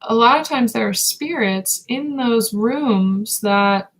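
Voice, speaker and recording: A woman giving a live spiritual reading, speaking slowly and meditatively, halting often with pauses and fillers. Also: fairly high pitch, rough recording. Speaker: intuitive reader.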